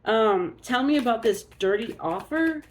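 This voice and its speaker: A woman's voice: fairly high pitch, animated, a little slow. A woman doing a casual oracle card reading, musing aloud and thinking as she goes.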